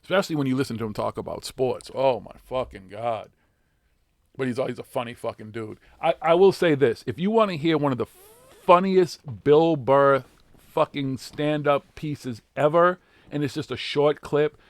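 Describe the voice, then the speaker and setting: Brief: Boston man, radio host, gravelly, dry close sound, salty and animated. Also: mid-range voice, moderate pace, no echo. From Boston area. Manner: profane, animated, laughing often. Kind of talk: casual live radio chat, reading the chat.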